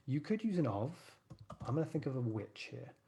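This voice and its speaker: A man's voice: mid-range voice, sing-song, fairly quick, vocal fry, warm tone. A man teaching a live writing class, encouraging his students and thinking aloud as he types.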